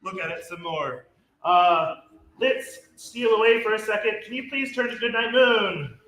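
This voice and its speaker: A man's voice: high-pitched, measured pace, sharp tone. A man leading a choir rehearsal, explaining rhythm and diction and demonstrating phrases by speaking and singing them. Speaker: choir director. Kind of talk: rehearsal instruction. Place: rehearsal room. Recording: roomy echo with faint ambience.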